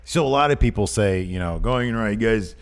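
A podcast co-host chats casually in a rambling, animated way, full of jokey asides. His voice is lowish and clean-toned, and he talks a little fast.

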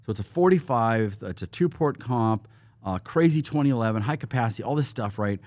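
A man's voice: mid-range voice, fairly quick, no room sound. A man talking as a podcast guest, telling casual stories with lots of acted-out quotes and gun sounds. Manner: animated, acts out quotes and gun sounds, restarts often. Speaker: podcast guest, firearms trainer. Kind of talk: casual storytelling.

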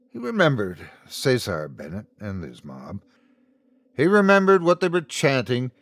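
A man narrating a scripted horror story as the show's host, reading slowly and dramatically. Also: no room sound. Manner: slow, dramatic storytelling with wide pitch swings.

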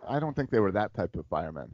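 A man's voice: lowish voice, very animated, fast talker, a little mellow, no room sound, muffled recording. A man co-hosting a casual podcast chat, telling a long story with frequent laughs and filler words. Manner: rambling storyteller, laughs often. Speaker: podcast co-host.

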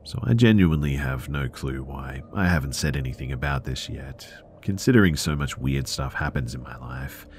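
A man calmly narrating true scary stories in a low-key, subdued way. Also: normal speed, few pauses, a little hiss or hum. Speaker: storyteller.

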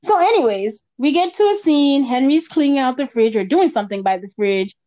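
Woman, fairly high voice, animated podcast host who acts out quotes, dull dry lo-fi sound. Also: brisk, no room sound. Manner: animated storytelling, acting out quotes with a laugh. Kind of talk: casual chat recapping a reality show.

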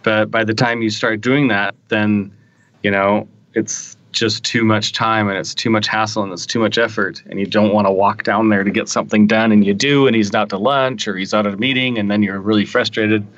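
A man's voice: lowish voice, fairly even intonation, moderate pace, a bit bright, dull audio. A man on a tech podcast telling work stories in a chatty, rambling way, often checking in with his listeners. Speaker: podcast panelist. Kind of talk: casual technical discussion.

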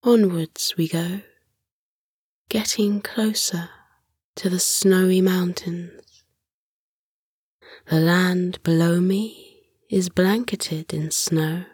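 Slow whispering woman, bedtime story. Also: fairly low pitch, fairly even intonation, dry recording, studio quality. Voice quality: soft, breathy whisper. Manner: slow, soothing, lulling. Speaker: sleep meditation narrator.

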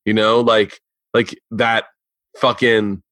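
A man's voice: fairly low pitch, level tone, slow pace, a bit bright, no echo. A man hosting a podcast, talking loosely and asking curious questions, swearing now and then in casual chat. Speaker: podcast host.

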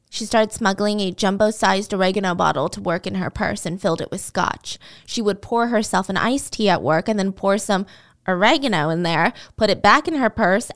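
A woman hosting a podcast, telling a true-crime story in a casual, chatty way with dramatic asides. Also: fairly high pitch.

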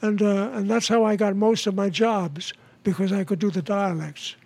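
A man in his nineties from New York, a guest comedian telling stories in a halting way, with restarts and chuckles. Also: sits high, fairly even intonation, vocal fry, darkish tone. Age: 90s. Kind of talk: casual storytelling interview.

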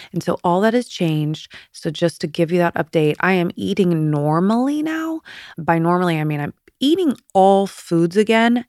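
A woman in her fifties hosting a podcast, chatty and confiding, with a slight lisp on her S sounds and soft whispered asides. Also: lowish voice, no room sound, studio quality. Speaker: podcast host. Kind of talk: candid personal monologue.

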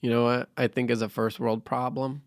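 A man's voice: mid-range voice, level tone, fairly quick, no echo. A man co-hosting a casual chat podcast who rambles with plenty of fillers and laughs easily. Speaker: podcast co-host. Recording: dry close-miked voice.

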